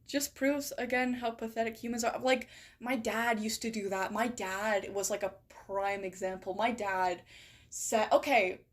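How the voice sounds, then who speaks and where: A woman's voice: on the high side, fairly even intonation, measured pace. A woman chatting casually as she reads out viewer stories. She rambles with many "like" and "right?" asides and swears freely. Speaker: streamer reading viewer stories. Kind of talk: casual chat.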